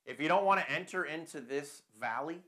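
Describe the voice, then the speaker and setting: A man's voice: on the high side, expressive, fairly quick, bright, forceful tone. A man preaching a conversational sermon full of rhetorical questions.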